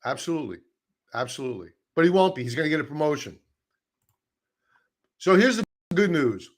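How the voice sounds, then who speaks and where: A man's voice: fairly high pitch, big pitch swings, a little fast. Chatty sarcastic man hosting a live stream. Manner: chatty and sarcastic, with frequent asides and apologies. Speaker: host of a live stock chart stream. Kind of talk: casual live-stream commentary.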